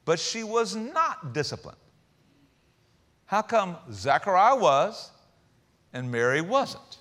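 A man preaching a sermon in a conversational, humorous way, with quick asides and repeated words. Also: sits high, sing-song, a bit bright, big-room sound. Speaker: pastor.

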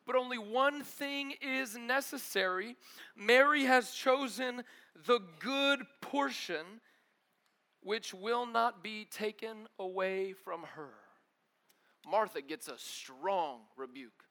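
Male pastor, high bright voice, lively casual preaching style. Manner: animated storytelling, acts out voices, casual slang. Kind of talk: sermon.

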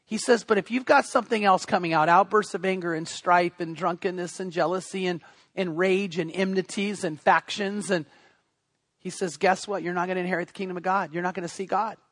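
A man's voice: sits high, fairly even intonation, a little fast, fairly bright tone. A man, the pastor, giving a sermon in an earnest, conversational preaching manner.

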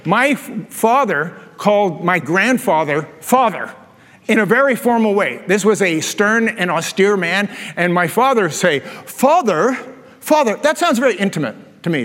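An older man preaching a conversational sermon as a pastor, animated and telling stories with self-deprecating asides. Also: high-pitched, quick pace. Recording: long reverb of a large hall.

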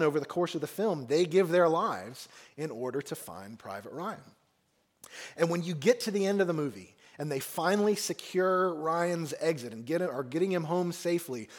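A man preaching a sermon as pastor, telling a film story in an earnest way and dropping often to quiet, near-whispered lines. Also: a little high.

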